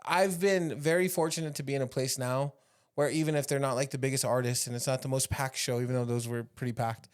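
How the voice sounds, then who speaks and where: A man hosting a podcast in casual chat, joking and teasing, quick to laugh. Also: mid-range voice, steady tone, clean tone. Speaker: podcast host.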